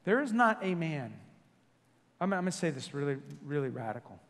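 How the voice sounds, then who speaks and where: A man preaching a sermon as senior pastor, joking and telling stories with quick self-corrections, in a church sanctuary. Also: a little high, long reverb tail. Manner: jokey, animated storytelling with self-corrections.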